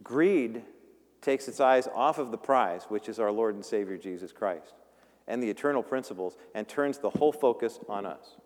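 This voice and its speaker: A man's voice: on the low side, normal speed. A male pastor giving a conversational sermon, joking and acting out the voices in the story. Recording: long reverb of a large room.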